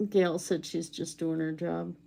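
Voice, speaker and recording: This is a woman hosting a relaxed live stream as she works on jewelry. She talks at an unhurried, easygoing pace and keeps a chatty back-and-forth going with her viewers. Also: lowish voice, creaky. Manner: easygoing, chatty, reads viewer comments aloud. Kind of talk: casual live-stream chat while crafting. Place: home cabin.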